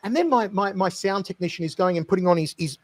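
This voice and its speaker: A man with a high voice tells a comic anecdote at a rapid clip. He is animated and slips into the voices of the people in his story as he goes. His delivery is that of a host spinning a behind-the-scenes tale. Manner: animated, acts out quotes. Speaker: talk show host telling an anecdote.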